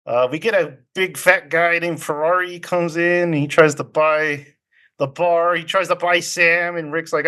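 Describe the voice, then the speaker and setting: A man's voice: fairly high pitch, unhurried, a bit bright. Chatty man casually recapping a film. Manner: chatty, laughs often, loosely paraphrases scenes. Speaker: podcast co-host.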